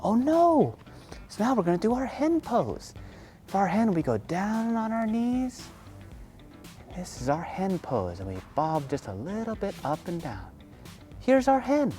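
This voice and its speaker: A woman leading a children's yoga lesson through a story, animated and playful, gasping with excitement. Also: medium pitch, unhurried, soft background music. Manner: animated, playful, lots of gasps. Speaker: kids' yoga teacher.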